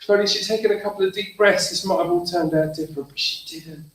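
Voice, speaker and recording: An animated man tells a story to children and leads them in actions. His voice is fairly high and bright. It sounds distant and very echoey, as in a school hall, with faint noise. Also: quick pace. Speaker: theatre workshop leader.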